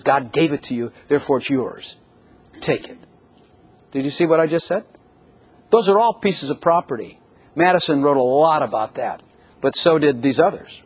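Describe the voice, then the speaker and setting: An older man delivers a sermon in a husky, slightly high voice. He preaches with animated storytelling and acts out little scenes.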